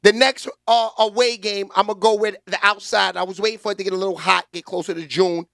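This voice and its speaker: High-pitched excitable man hosting a vlog. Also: brisk, gravelly, no room sound, clean studio sound. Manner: loud, excitable, slangy trash talk. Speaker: host. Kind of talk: casual commentary vlog.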